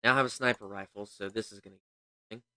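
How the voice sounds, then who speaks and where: A man's voice: on the low side, fairly even intonation, very fast, sharp tone, dry recording. A man from the United States chatting casually while streaming a game, rambling and thinking aloud. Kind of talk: casual gaming livestream chat.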